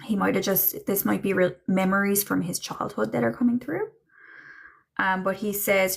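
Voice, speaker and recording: A woman doing a live psychic reading for chat viewers, slow and musing, with many ums and trailing thoughts. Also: medium pitch, steady tone, gravelly. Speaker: psychic medium.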